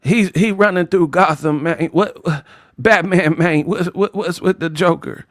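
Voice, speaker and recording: A man putting on a laid-back, drawling impression of a man who ends every line with "man", softer and more mumbled than his own talk. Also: high-pitched, unhurried, no room sound, studio quality.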